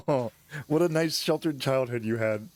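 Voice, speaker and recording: A man's voice: medium pitch, unhurried, darkish tone. A man in casual stream chat who rambles, laughs often and swears freely.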